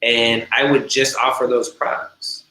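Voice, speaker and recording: Bright-voiced man on an echoey call. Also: medium pitch, flat delivery, a little slow. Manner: enthusiastic, conversational. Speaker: salon owner and co-host. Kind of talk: casual business talk. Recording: echoey room with faint hum.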